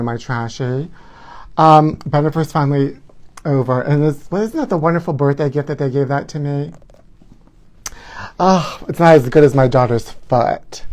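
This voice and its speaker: A man's voice: on the high side, a little mellow. Campy gossiping man hosting alone. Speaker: host of a live gossip show. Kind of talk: solo livestream chat. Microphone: phone camera filming himself.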